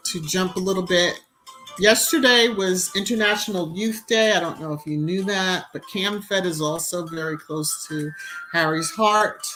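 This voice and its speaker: A woman hosting a casual live stream, chatting and greeting viewers by name between relaxed asides. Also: lowish voice.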